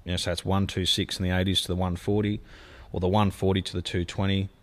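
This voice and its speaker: A man's voice: deep voice, little pitch movement, fast talker. A man giving a gushing car-sales walkaround as a dealer. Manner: enthusiastic, gushing sales talk.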